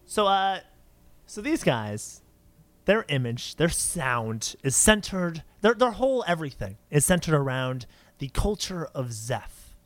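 Giggly bright-voiced podcast host. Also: male voice, on the high side, big pitch swings, unhurried, dry recording. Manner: laughs often, stumbles over names. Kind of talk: casual chat.

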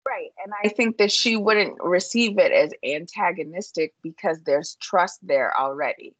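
A woman's voice: fairly low pitch, moderate pace, slightly rough, no room sound. A woman with a New York accent co-hosting a casual chat, blunt and profane with lots of fillers. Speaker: podcast co-host. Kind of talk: casual chat about reality TV.

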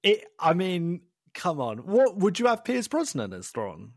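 A man co-hosting a casual chat, animated and calling his friend "mate" a lot. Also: high-pitched, measured pace, dry recording, studio quality. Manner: animated, says "mate" often, many restarts. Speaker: podcast co-host.

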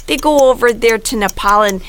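A woman's voice: on the high side, a little fast, background noise, voice pushed up, lightly acted. A woman voicing a hapless, down-on-his-luck male car salesman with a put-on Upper Midwest accent and folksy exclamations.

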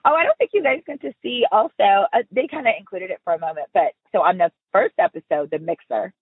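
Lively woman telling stories over a call. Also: medium pitch, fast talker, husky, no echo. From Houston, Texas. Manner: animated storyteller, laughs often. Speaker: podcast guest. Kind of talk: casual interview chat. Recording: phone-like remote call audio.

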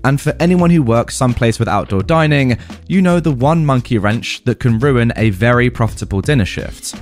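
A man's voice: medium pitch, lively intonation, moderate pace, faint music behind. A British man reading online stories aloud, breaking off for wry, amused commentary. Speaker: story narrator and commentator.

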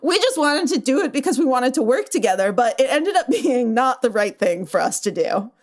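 A woman's voice: high voice, big pitch swings, fairly quick, darkish tone. A woman hosting an entertainment news show, recapping stories in a casual, chatty way and laughing often. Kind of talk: casual chat.

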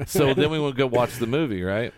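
A man's voice: medium pitch, animated, moderate pace, a little mellow, no room sound. A man in his thirties, a podcast guest in casual chat, rambling through stories and acting out what people said. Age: 30s. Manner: rambling storyteller who acts out quotes.

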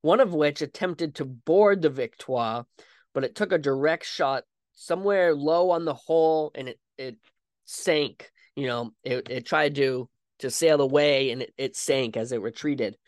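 A man's voice: on the high side, unhurried, no room sound, clean studio sound. A man hosting a podcast, telling a history story in a chatty, casual way with frequent asides. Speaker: podcast host.

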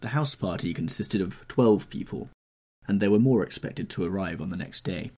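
A man narrating a classic novel in a measured, even-handed reading voice. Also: low voice, slightly rough. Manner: measured, softer on narration tags. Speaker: audiobook narrator.

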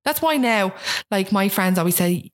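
Medium-pitched and moderately paced, this roughly thirty-year-old woman is a guest in an easygoing chat, full of energy and prone to acting out what others told her.

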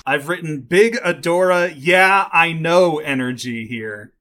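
A man with a slightly raised pitch co-hosts a podcast and recaps an anime scene by reading from his notes. His delivery is wry and casual, with frequent swearing. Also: a little slow, background noise. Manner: wry, profane, reads his notes aloud. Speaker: podcast co-host.

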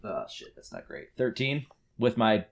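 A man's voice: lowish voice, big pitch swings, moderate pace, creaky, background noise. A man playing a tabletop game, casual, stumbling over and repeating his words, swearing freely. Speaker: player.

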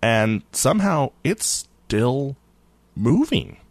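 A man co-hosting a casual tech news podcast, jokey and animated, often laughing. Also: mid-range voice, drawn-out words, no room sound. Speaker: podcast co-host.

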